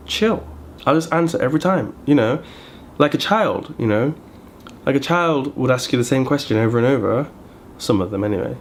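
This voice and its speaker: A man vlogs to camera in casual chat, rambling and thinking aloud as he goes. His voice is mid-range and a little mellow, with slight background noise.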